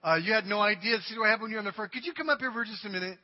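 A male pastor preaching a sermon to his congregation, dramatic and humorous, swinging from loud cries to quiet asides. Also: high-pitched, racing. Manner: humorous, addresses the congregation directly. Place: church sanctuary. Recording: dull recording with long hall reverb.

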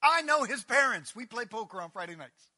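A preacher acting out a gossiping small-town neighbor, a man who scoffs with chatty, exaggerated disbelief. His voice sits high and very bright, edgy and forceful. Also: animated, brisk, long reverb tail, heavily acted. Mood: scoffing.

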